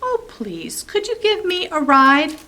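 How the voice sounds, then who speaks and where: A woman voicing a small, tired young boy in a children's picture book, speaking softly and earnestly. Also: very high-pitched, very animated, a little slow, pitched above the performer's own voice, exaggerated voice.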